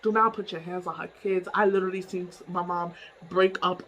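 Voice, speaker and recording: A woman telling a story in a casual vlog from her bedroom. She is animated, laughs often and swears freely. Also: fairly low pitch, a little fast, poor audio.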